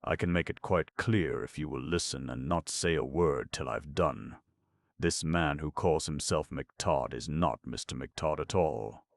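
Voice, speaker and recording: A man's voice: extremely low pitch, unhurried, gravelly, no echo, studio quality, heavily acted. A man voicing an earnest, impatient young woman in an audiobook, speaking in a clipped, insistent way.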